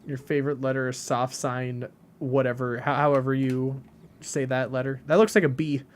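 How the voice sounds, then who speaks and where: This man streams a game and reads his chat aloud, wandering from topic to topic with plenty of "um"s and "like"s. His medium-pitched voice stays steady at a normal speed, with slight background noise behind it.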